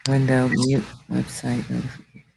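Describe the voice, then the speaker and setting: A man hosts a casual live chat over a video call. His speech is halting and distracted, with frequent restarts and pauses. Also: medium pitch, monotone, gravelly, background noise. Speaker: show host sharing his screen.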